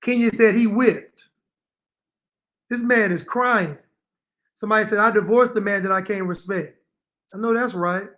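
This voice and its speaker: A man's voice: high-pitched, normal speed, long pauses, fairly bright tone. Opinionated man reacting to clips. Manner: opinionated, repeating points, talking to viewers. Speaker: commentary streamer. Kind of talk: reaction commentary.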